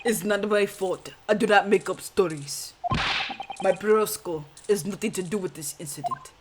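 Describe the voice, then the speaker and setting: A woman voicing a gentle, blunt young woman in broken English over game music. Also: medium pitch, noisy background, lightly acted. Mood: indignant. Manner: broken English, slow and deliberate.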